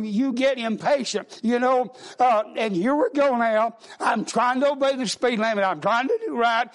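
A male preacher delivers a sermon in a very high-pitched voice. He talks in a folksy way, checking in with his congregation and often circling back to repeat and restart his words.

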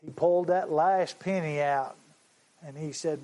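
A man preaching a sermon, telling a story slowly and earnestly and repeating his phrases. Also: on the high side, warm tone, low-quality recording.

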